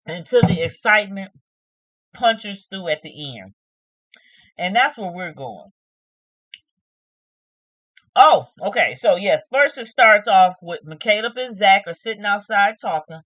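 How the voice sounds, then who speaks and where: A woman's voice: mid-range voice, expressive, unhurried, pauses often, a bit bright, no echo. A woman hosting a casual reality-TV review vlog, opinionated and talking straight to her viewers. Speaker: host of a TV review channel.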